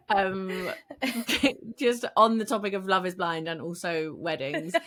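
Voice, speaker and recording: A woman's voice: medium pitch, slow, fairly bright tone. A woman co-hosting a podcast, telling stories in a casual, chatty way and laughing often. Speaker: podcast co-host. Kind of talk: casual chat.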